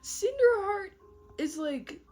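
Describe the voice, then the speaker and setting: A young woman hosting a casual podcast, recapping a story in a giggly, animated way with lots of fillers. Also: very high voice, takes it slowly. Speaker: podcast host.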